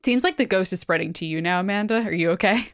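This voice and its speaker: A woman's voice: medium pitch, quick pace, dry recording, clean studio sound. A woman co-hosting a podcast in casual chat, upbeat and laughing easily. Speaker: podcast co-host.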